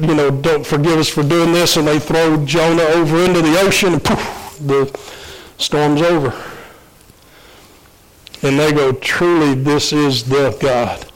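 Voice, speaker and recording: A man's voice: a little high, poor audio. A man preaching an informal sermon, retelling a Bible story in a casual, conversational way with frequent fillers and restarts.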